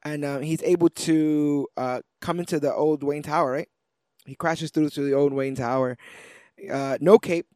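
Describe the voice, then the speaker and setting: Animated man retelling comics, dry sound. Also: on the high side, moderate pace, no room sound. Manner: animated retelling, acts out characters' lines. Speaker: podcast co-host. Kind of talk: casual comic book review chat.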